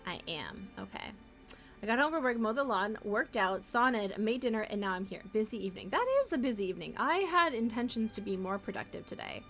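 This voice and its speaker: A woman's voice: medium pitch, lively intonation, brisk, fairly bright tone, faint music behind. A young woman casually chatting as she streams a video game, playful and talkative. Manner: chatty, playful, talks to chat and pets. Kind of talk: casual gameplay commentary.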